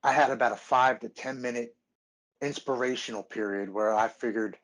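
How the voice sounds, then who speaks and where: A man's voice: mid-range voice, fairly even intonation. A man in his thirties, a podcast guest, telling his recovery story earnestly, stopping and restarting often. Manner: earnest, halting with many restarts. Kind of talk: personal recovery story, casual chat.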